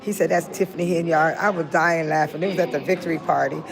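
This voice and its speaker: Speaking fast over music, this retired older woman has a low, gravelly voice with a steady tone. She holds the phone near her face, laughs a lot, and talks straight to her livestream viewers in a relaxed way.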